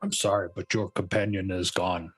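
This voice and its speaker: A man playing a calm, courteous male warrior who carries a shield and warhammer, speaking in a measured, formal way. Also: low-pitched, breathy edge. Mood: solemn.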